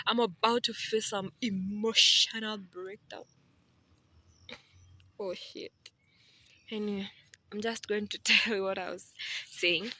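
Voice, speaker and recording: A chatty woman vlogger talks straight to her viewers in a casual, animated way. Her voice is bright and forward, and she mixes playful asides into her talk. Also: medium pitch, slow, long pauses. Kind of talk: casual vlog talk to camera.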